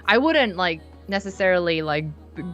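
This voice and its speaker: A young woman from South Korea, chatting casually in an interview, relaxed and rambling with many fillers and restarts. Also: on the low side, normal speed, highs cut off, faint music behind. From Seoul, South Korea. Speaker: musician guest. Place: her bedroom studio.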